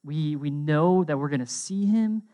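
A young man preaching a casual sermon, conversational and animated, often checking in with his listeners. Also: a little high, a little slow, highs cut off. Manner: conversational, lots of "um" and "right?"; animated storytelling.

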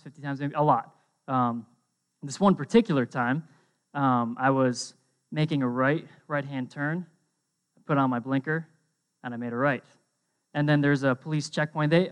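A young man preaching a casual sermon, conversational and animated, often checking in with his listeners. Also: medium pitch, clear, resonant tone. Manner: conversational, lots of "um" and "right?"; animated storytelling.

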